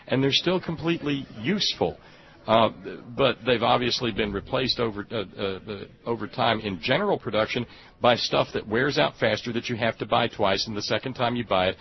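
Gravelly male radio guest, halting delivery with fillers, dull recording. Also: medium pitch. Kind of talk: casual radio interview talk.

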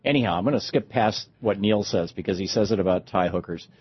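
A talk radio host with a low, fast, breathy-edged voice is heard in a dry, lo-fi recording. Hosting a talk show, he rambles conversationally about politics with many fillers and restarts.

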